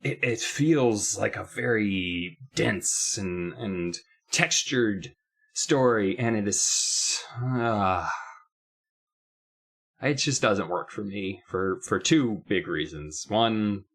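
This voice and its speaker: A man with a fairly low voice talks through a book review in loose, casual chat. He rambles and circles back, pressing his points hard and getting animated as he picks the story apart. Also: slow pace. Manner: rambling, emphatic, animated when complaining. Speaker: podcast co-host.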